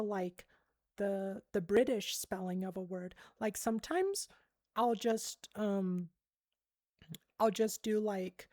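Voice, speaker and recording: A woman's voice: mid-range voice, dark tone, no echo, clean studio sound. A woman streamer chatting casually with her viewers, giggling often and blowing them kisses.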